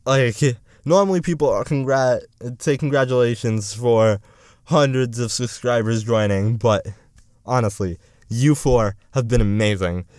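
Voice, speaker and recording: A man's voice: medium pitch, a little slow, darkish tone, dry recording, clean studio sound. A young man in college rambling through a profane, sarcastic political rant as a vlogger. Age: young adult.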